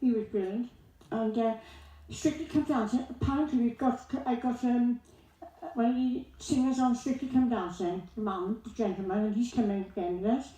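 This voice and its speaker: A woman's voice: a little high, normal speed, dark tone, distant mic. Chatty woman in echoey hall. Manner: chatty, laughing, joking asides. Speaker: music club organiser giving thanks. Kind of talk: speech at a community event.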